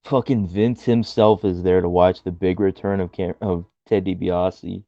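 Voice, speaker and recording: A man co-hosting a casual podcast chat, laughing often and swearing in animated bursts. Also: sits low, normal speed, gravelly, no echo, dull audio. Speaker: podcast co-host.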